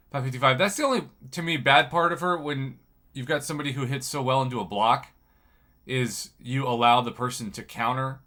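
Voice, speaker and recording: A man's voice: mid-range voice, sharp tone. A man giving casual commentary over game footage as a video host, groggy after a bad night's sleep, explaining plays in an analytical, upbeat way.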